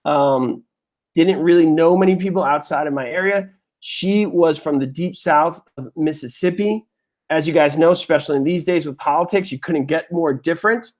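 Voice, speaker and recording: A man's voice: on the high side, moderate pace, a little mellow. A man hosting a live webinar lesson, talking to viewers in a chatty, heartfelt way and calling them "you guys". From New York. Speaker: webinar host.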